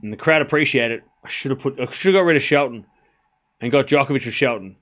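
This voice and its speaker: A man hosting a live tennis watchalong stream, calling points quickly, chatting with viewers and groaning out loud when things go wrong. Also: medium pitch. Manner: excitable, groans and cries out at points. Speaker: stream host.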